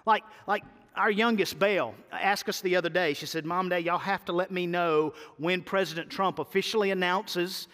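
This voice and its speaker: A man's voice: sits high, normal speed, few pauses, a bit bright, in a large hall. A middle-aged man preaching a sermon as pastor, with repetition and swelling emphasis.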